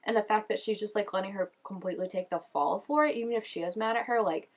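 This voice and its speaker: A woman's voice: mid-range voice, quick pace. A young woman reacting to a show episode in casual, gushing commentary, chatty and full of "like". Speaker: reaction vlogger.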